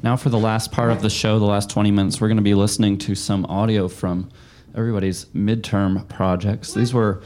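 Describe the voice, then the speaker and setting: A man hosting a show, thanking guests and introducing the next segment in a relaxed, hesitant way. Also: fairly low pitch, fairly quick, few pauses. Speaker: radio show host. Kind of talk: casual hosting.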